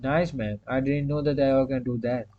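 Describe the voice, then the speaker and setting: At a moderate pace and steady tone, a man with a mid-range voice narrates his video game play casually. The recording is muffled. As a gaming streamer, he talks through each move, repeats terse commands, and keeps filling silences with "you can say."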